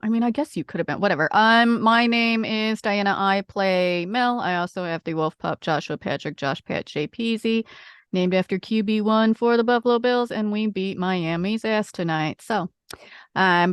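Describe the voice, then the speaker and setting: A woman's voice: mid-range voice, lively intonation, moderate pace, clear, resonant tone, no room sound, clean studio sound. A woman playing in a tabletop role-play podcast, chatting in a teasing, rambling way. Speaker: player. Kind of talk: casual tabletop podcast chat.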